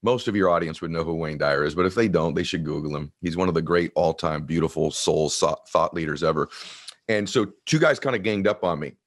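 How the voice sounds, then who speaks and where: A man in his fifties with a deep voice, telling a personal story in an earnest, heartfelt way during an interview. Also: a little fast. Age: 50s. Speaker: guest author. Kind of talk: emotional storytelling in conversation.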